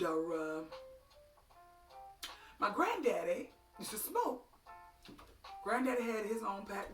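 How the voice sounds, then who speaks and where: A middle-aged woman telling funny stories in an animated, folksy way, calling her listeners honey and child. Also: a little high, vocal fry. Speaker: storyteller. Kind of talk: comic storytelling. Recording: echoey room, distant mic, faint music.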